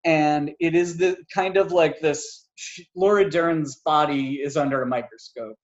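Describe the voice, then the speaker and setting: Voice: medium pitch, steady tone, measured pace, lo-fi sound. A podcast co-host in a casual film review chat, rambling with lots of filler words and frequent laughs.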